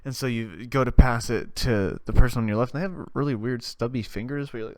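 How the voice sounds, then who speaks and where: A man's voice: mid-range voice, fairly quick, clean tone, dry recording. Rambling young man, dry close sound. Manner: animated, swings between loud rants and quiet mumbling. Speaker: podcast host. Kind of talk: rambling comedic monologue.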